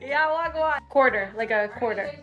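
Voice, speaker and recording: A woman's voice: high voice, lively intonation, brisk, highs cut off. A young woman with a Canadian accent, playfully quizzing someone. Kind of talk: casual chat.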